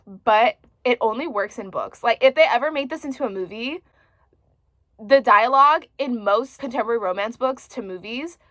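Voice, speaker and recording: A woman in her twenties chatting casually as a book vlogger, expressive and full of filler words. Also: on the high side, no echo. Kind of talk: casual chat to camera.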